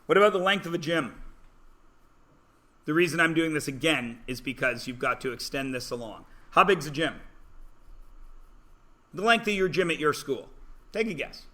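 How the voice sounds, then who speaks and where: A bright, fairly high-pitched man teaching a math lesson in a classroom. He talks casually, cracks jokes at his own expense, and keeps nudging quiet students to take a guess. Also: lively intonation, normal speed, pauses often. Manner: joking, self-deprecating, prodding students to guess. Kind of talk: classroom lecture.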